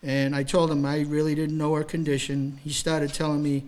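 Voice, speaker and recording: An older man with a somewhat high voice tells a crime story to a library audience. He is a retired detective who is plain-spoken and moves between stiff report phrasing and loose, chatty asides. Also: level tone, normal speed, a little mellow. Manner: plain-spoken, mixes formal report wording with casual asides. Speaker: retired police detective speaking at a library talk. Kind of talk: storytelling, reading from a case report.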